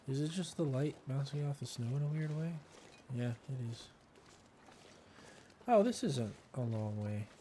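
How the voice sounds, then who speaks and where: Casual male streamer, mellow tone, playful running commentary, faint hiss. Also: medium pitch. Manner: playful, thinks aloud while playing. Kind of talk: casual gameplay chat.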